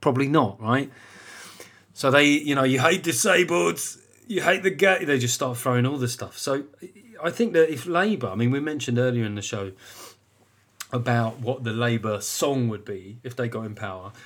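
A middle-aged English comedian talks straight into the mic, rambling and sardonic, with swearing dropped in casually. His voice sits at an ordinary male pitch, with restarts and asides throughout. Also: moderate pace. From England. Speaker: comedian podcast host. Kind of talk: casual monologue.

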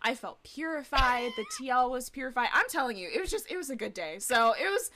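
A woman chatting casually on a video call, animated and laughing, swearing freely. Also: high-pitched, fairly quick, noisy background. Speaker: podcast co-host guest. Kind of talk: casual chat.

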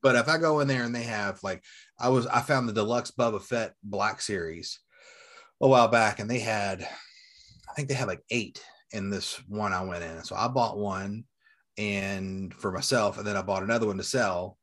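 This man, in his forties and working as a toy collector and seller, has a voice on the low side and a moderate pace. In casual chat he rambles through profane, animated stories.

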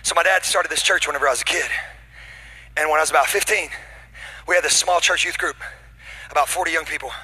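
High, bright-voiced preaching man. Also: quick pace, long pauses, slightly rough, low-quality recording. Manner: preaching with rising, shouted climaxes; playful banter with the congregation. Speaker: pastor. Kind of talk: sermon. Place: church auditorium.

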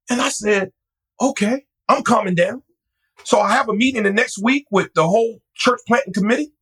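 Husky-voiced pastor guy telling his story, lively, gets animated. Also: normal speed, low-quality recording. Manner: animated, jumps to a high voice when quoting his friend. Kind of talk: storytelling in an interview.

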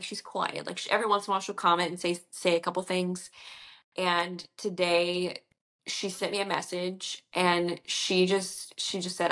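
A woman's voice: on the low side, vocal fry, a bit bright. A woman, a debut author chatting casually in an interview and retelling conversations with quoted voices.

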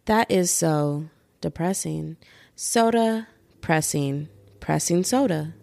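A woman's voice: sits low, takes it slowly, creaky, darkish tone, no echo. Chatty young woman podcasting solo. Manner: chatty and rambling, laughing at herself, lots of "like" and "y'all". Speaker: podcast host. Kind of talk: casual solo podcast chat. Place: under a blanket at home to cut echo.

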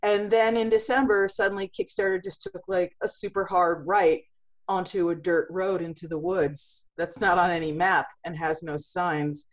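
A woman's voice: on the low side, fairly even intonation, normal speed. A woman who runs a comics publishing company, answering in an interview with vivid analogies and frequent restarts.

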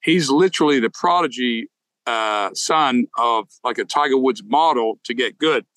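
A man's voice: medium pitch, moderate pace, a bit bright, dry recording, low-quality recording. A man co-hosting a golf podcast, chatting casually in a playful, storytelling way with frequent restarts. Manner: storytelling, playful, self-interrupting. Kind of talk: casual chat.

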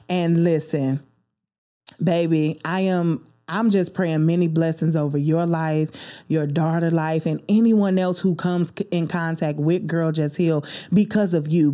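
Woman podcast host, low voice, mellow tone, preachy and emotional, studio recording. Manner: warm, preachy, emotional, calls listeners baby and homegirl. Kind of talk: faith-based solo podcast talk.

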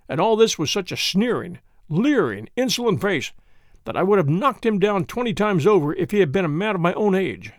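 An earnest young gentleman telling his troubles with rising indignation, read by a man. The voice is high and lively with a gravelly edge. The sound is close and dry. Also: no echo. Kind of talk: audiobook character voice.

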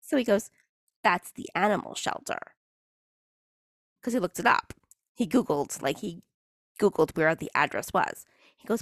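Female podcast host, mid-pitch, dry close sound, sarcastic and laughing storyteller. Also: lively intonation, a little slow, fairly bright tone, dry recording. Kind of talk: casual chat.

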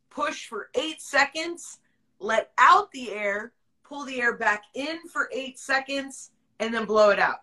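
Bright, candid woman who laughs often. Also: a little high, poor audio. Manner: acts out quoted people in her story. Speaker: podcast host. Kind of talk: casual storytelling from a livestream.

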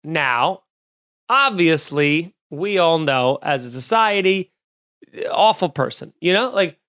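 High voiced guy in his 30s doing a snarky solo podcast bit, swings from loud to mumbling. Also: slow pace, clear, resonant tone. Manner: animated, sarcastic, jumps between loud bursts and mutters. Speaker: podcast host. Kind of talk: solo comedic monologue. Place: home studio, recording alone.

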